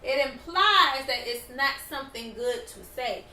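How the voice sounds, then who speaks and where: A woman co-hosting a podcast in casual chat, opinionated and animated, often acting out what others said. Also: high-pitched, unhurried, distant mic, slight background noise. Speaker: podcast co-host. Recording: echoey room, off mic, faint ambience.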